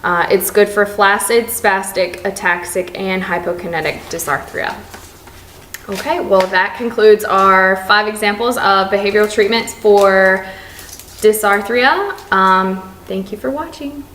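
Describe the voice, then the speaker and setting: A young woman, a speech therapy student clinician, explains and models exercises in a recorded teaching demonstration, often pausing with "um". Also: mid-range voice, a bit bright, a little hiss or hum. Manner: explanatory, with frequent um fillers. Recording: roomy echo.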